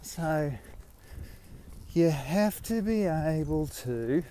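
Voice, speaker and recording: A man's voice: a little high, expressive, very slow, dark tone. An Australian man hosting a podcast, talking in a rambling, self-mocking way while out walking his dog. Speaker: podcast host. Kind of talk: casual rambling monologue.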